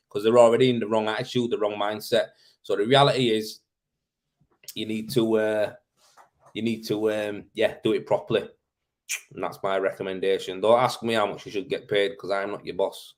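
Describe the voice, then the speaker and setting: A man's voice: fairly low pitch, fairly even intonation, fairly quick. A man, hosting a casual live stream and giving blunt, matter-of-fact advice full of slang, laughing easily. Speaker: host. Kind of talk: casual live-stream chat answering comments.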